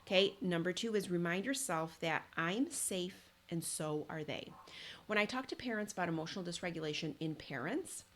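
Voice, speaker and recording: A woman's voice: lowish voice, animated, moderate pace, a bit bright, a little hiss or hum. A woman hosting a solo parenting podcast, talking in an earnest, conversational way with restarts and repeated words.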